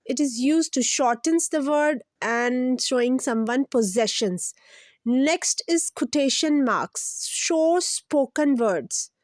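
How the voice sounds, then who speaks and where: A woman hosting a children's lesson, explaining each point slowly and simply, repeating it and asking the kids to guess. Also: high voice, no echo, clean studio sound. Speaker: children's teacher, channel host.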